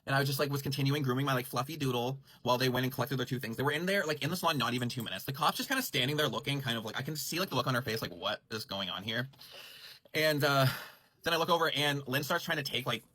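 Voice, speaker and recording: Casting: man, quick rambling storyteller, bright and husky voice, dry close sound. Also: medium pitch, no echo. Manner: rambling, heavy use of "like", frequent self-corrections. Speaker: dog grooming salon owner telling a story. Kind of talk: casual storytime monologue.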